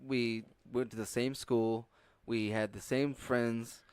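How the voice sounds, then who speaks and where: Brief: male comedian, podcast chat, smooth clear tone in a dry close sound, rambling and profane. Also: medium pitch, level tone, slow pace, a little mellow, no echo. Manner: rambling storyteller, heavy use of "like"; swearing, laughing often.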